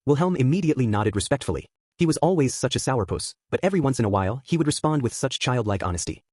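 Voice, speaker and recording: Male audiobook narrator; brisk, slightly husky read. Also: mid-range voice, lively intonation, a little mellow, dry recording, clean studio sound.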